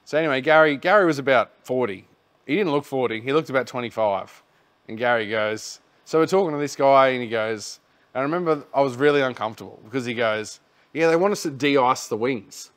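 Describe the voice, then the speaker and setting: Australian man, podcast host, casual storyteller, profane and relaxed. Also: medium pitch, brisk. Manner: rambling, laid-back, swears freely.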